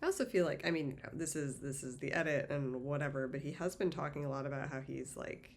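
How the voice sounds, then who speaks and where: A woman's voice: low voice, a little fast, slight background noise. A woman hosting a reaction video, giving frank, wry commentary on a dating show. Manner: wry and frank, with small laughs. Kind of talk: candid reality-show commentary.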